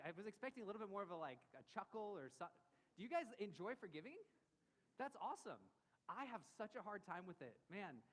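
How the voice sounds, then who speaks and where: A man's voice: fairly high pitch, a bit bright. A man in his thirties preaching a conversational, jokey sermon that draws the congregation in with questions. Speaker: pastor. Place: church sanctuary. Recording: long church hall reverb.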